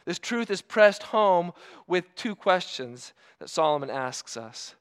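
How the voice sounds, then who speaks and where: A man with a notably high voice preaches a sermon. He builds his points through rhetorical questions, pressing each one home with earnest emphasis and drawn-out pauses before key words. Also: sing-song, clean tone.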